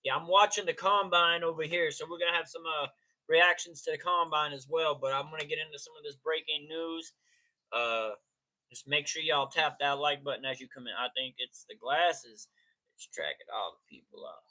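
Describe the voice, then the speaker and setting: A man hosts a loose, casual live stream and keeps greeting his chat by name. His voice sits a little high and sounds bright and forceful. He talks in easy slang. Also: fairly quick.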